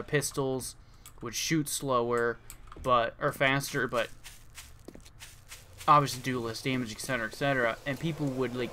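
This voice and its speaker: A man's voice: mid-range voice, bright, forceful tone, slight background noise. A young man casually commenting on his gameplay for viewers, yawning and talking about feeling tired. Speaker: gaming streamer. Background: keyboard clicks and typing.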